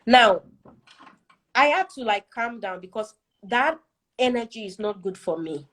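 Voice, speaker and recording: A woman's voice: on the high side, animated, measured pace, a bit bright. A woman telling a personal story as a guest in a casual conversation, earnest and reflective, often checking that the listener follows. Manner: keeps checking in with "do you see?".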